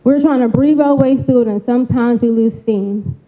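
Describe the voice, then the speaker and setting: Through dull audio, a woman with a voice on the high side speaks at normal speed in a live mental health talk on an event stage. She's colloquial and folksy, engaging listeners with call-and-response and plenty of "right?" tags.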